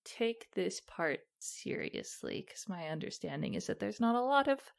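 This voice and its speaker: Hesitant woman with a gravelly voice. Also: mid-range voice, a bit bright. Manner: hesitant and rambling, many fillers. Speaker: player. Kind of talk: casual in-character tabletop play.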